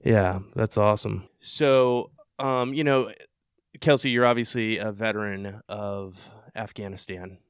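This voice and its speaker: Friendly male podcast host with a lowish voice and dry close sound. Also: steady tone, a little slow, clean tone, no room sound. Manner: friendly, laughs easily. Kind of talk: casual interview chat.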